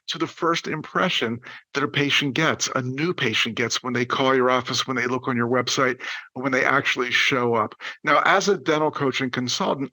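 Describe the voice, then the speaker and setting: A male dental coach hosting a podcast, talking in an energetic, playful way and acting out the lines he quotes. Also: medium pitch, no echo. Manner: animated, exaggerated, playful delivery with acted-out quotes.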